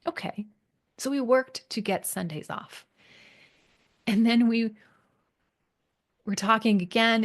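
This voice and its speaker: A woman's voice: on the high side, a little slow, long pauses. A middle-aged woman speaking as a coach in a motivational monologue, earnest and encouraging, dwelling on repeated words. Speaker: alcohol coach and podcast host.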